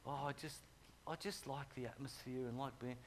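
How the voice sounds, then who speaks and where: A man playing a weary, jaded churchgoer who mumbles quietly and listlessly. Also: mid-range voice, fairly even intonation, normal speed, slight background noise, close to an everyday voice.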